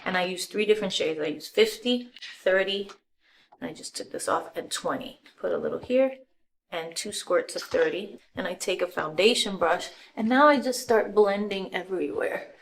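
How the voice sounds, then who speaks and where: Middle-aged woman, relaxed celebrity makeup-tutorial host, talks you through every brush stroke, voice of medium height, easy chatty flow with quiet asides. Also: medium pitch, normal speed, a little hiss or hum. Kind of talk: casual makeup tutorial talk.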